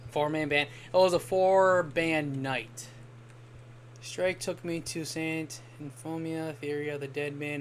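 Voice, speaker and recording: A man's voice: fairly high pitch, sharp tone, slight background noise. Rambling young man streaming a game. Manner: rambling anecdotal storytelling, occasional swearing. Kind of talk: casual gaming stream chat.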